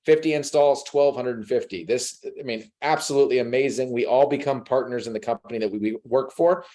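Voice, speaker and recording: A man's voice: medium pitch, a little fast. A man hosting a team sales call, giving motivational talk and acting out conversations with prospects over a video call. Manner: animated, acts out conversations with changed voices.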